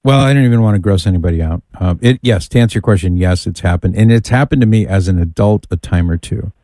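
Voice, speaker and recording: A male radio host leading a call-in show with an easygoing, bantering manner. His voice sits low and mellow. It is recorded close and dry in the studio. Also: fast talker, no echo. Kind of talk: casual call-in radio chat.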